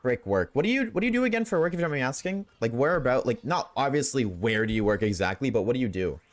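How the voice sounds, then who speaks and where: A man's mid-range voice comes through animated and fast as he plays a game on stream. He rants bluntly to his live chat in a casual way, swearing freely and chatting with viewers as he goes.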